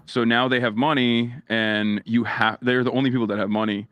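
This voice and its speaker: A man's voice: mid-range voice, flat delivery, brisk, fairly bright tone, clean tone, no room sound. A man in casual chat on a podcast, rambling with lots of slang and fillers. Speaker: podcast guest. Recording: dull, dry clip audio.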